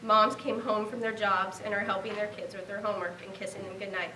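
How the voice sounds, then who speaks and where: A woman's voice: mid-range voice, little pitch movement, a little fast, pushed and bright, echoey room, distant mic, slight background noise, poor audio. A woman in her thirties from Nebraska giving a heartfelt award acceptance speech, earnest and grateful. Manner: heartfelt, earnest, speaking of a lost relative.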